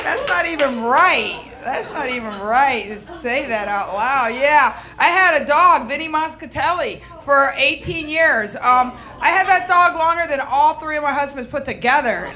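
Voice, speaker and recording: A woman's voice: high voice, bright, forceful tone. A middle-aged woman doing stand-up, brassy and punchy, talking straight to the audience. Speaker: stand-up comedian. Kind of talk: stand-up comedy set. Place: comedy club stage with a laughing audience. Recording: live club recording, noisy crowd.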